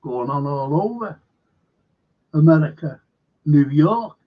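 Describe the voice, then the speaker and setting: Slow but expressive, this older Liverpool-accented host rambles bluntly and swears freely during a live football chat. His voice is husky and a little high, heard over dull, lo-fi stream audio.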